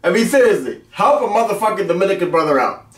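Male vlog host, brash and boastful, swears constantly, high voice, echoey room, distant mic. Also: very animated, fast. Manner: brash, boastful, heavy cursing, mock-angry outbursts. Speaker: web series host. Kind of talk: profane comic rant to camera.

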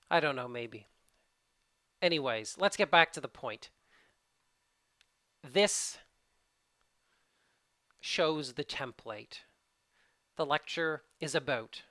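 Test-prep teacher, Canadian accent, brisk informal delivery, mid pitch, dry sound. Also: lively intonation, a bit bright, no room sound. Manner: fast-talking, casual, informal asides. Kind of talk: video tutorial.

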